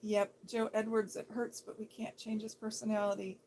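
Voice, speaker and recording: A woman from Seattle hosting a livestream, chatting in a gentle, sympathetic way as she reads out viewers' comments, sometimes dropping to a whisper. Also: medium pitch, completely flat delivery, moderate pace, a little hiss or hum. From Seattle, Washington State. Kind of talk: casual soft-spoken livestream chat.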